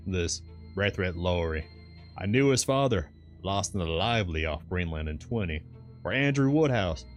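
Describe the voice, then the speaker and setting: A man voicing a garrulous old seaside sailor who grumbles in a thick rustic dialect. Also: sits low. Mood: insistent. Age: older.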